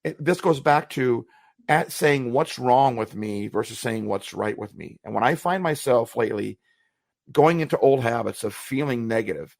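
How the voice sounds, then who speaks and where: A man's voice: mid-range voice, lively intonation, moderate pace, creaky, dry recording, studio quality. A man co-hosting a motivational podcast, talking earnestly and reflectively and circling back on his words. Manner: earnest, reflective, repeats phrases when searching for words. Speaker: podcast co-host.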